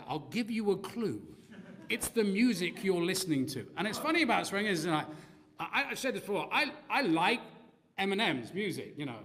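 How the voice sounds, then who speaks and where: Lively preacher, bright and animated. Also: male voice, high voice, normal speed. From Australia. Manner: animated, joking asides, sound effects. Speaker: pastor. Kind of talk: sermon.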